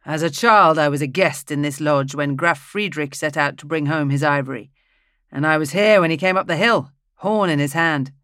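Reader doing an old northern man, solemn and measured, close dry sound. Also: fairly high pitch, pushed and bright, no echo.

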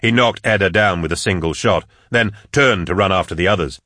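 A man narrating an audiobook in a measured, steady read, close on a studio mic. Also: deep voice, no room sound. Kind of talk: scripted narration.

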